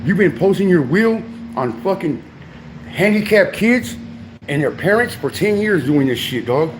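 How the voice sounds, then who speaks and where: A man's voice: high voice, lively intonation, measured pace, a little hiss or hum. A man in a heated livestream rant from home, confrontational, repeatedly calling the listener dog and my boy.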